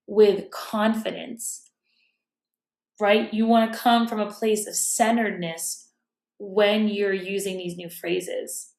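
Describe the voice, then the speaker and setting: Reflective woman with a gravelly, echoey voice. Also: medium pitch. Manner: thoughtful, self-correcting, drops to a whisper at times. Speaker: self-help speaker. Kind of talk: casual reflective talk. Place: room at home.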